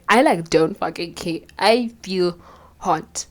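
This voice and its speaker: A woman's voice: low-pitched, fairly even intonation, measured pace. Blunt, profane young woman. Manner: blunt and profane, drops into whispered asides. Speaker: vlogger. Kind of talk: candid storytelling monologue.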